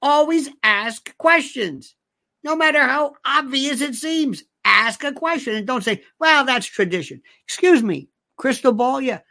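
A man's voice: very high-pitched, animated, a little slow, bright, forceful tone. A man hosting an opinionated commentary monologue, firing off incredulous rhetorical questions.

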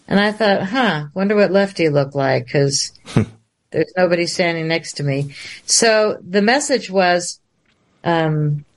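A woman guest on a livestream interview, telling a long story in an animated way and laughing often. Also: lowish voice, takes it slowly.

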